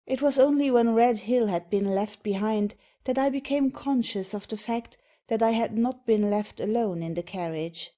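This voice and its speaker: A woman narrating a Victorian story aloud with a measured, deliberate reading. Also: on the high side. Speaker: audiobook narrator. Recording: dull lo-fi recording.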